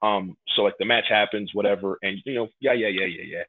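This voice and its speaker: Deep husky man on a tinny line. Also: fairly quick, no room sound. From New York, raised in Atlanta. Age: 30s. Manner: animated storyteller, acts out quotes. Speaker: guest, pro wrestler. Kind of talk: casual podcast interview.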